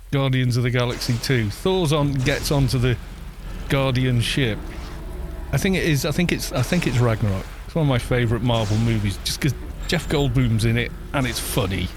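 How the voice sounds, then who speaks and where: Male streamer, soft and gentle, loose rambling chat at an average pitch. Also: moderate pace, background noise. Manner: quiet, gentle voice; rambling, with frequent restarts and soft laughs. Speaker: game streamer. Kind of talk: casual live-stream chat while gaming.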